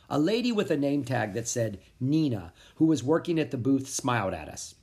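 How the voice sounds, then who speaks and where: An expressive reader narrating a children's storybook aloud in first person. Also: medium pitch, normal speed, hardly any pauses. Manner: expressive, animated. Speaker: audiobook narrator.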